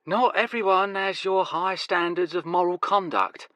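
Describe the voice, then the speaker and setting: A man voicing a wry male friend who teases in a slow, dry drawl. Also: high voice, a bit bright, no echo, voice pushed up. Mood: teasing.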